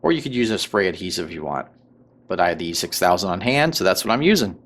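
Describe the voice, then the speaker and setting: A man hosting a tabletop crafting tutorial, talking through each step in a relaxed way with many fillers and little check-ins. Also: sits low, quick pace. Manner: relaxed, filler-heavy, checks in with "right?" and "okay?". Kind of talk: casual craft tutorial voice-over.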